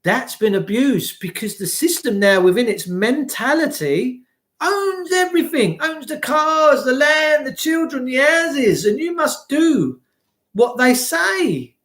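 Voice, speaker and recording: Heated, swearing man with lively pitch. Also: a little slow. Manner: heated, swearing, rhetorical questions. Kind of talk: impassioned ranting monologue.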